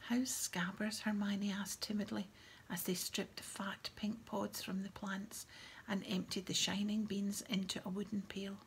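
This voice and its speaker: A woman reading a novel aloud in a soft, half-whispered manner. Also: medium pitch, flat delivery, unhurried, slight background noise. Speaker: audiobook reader.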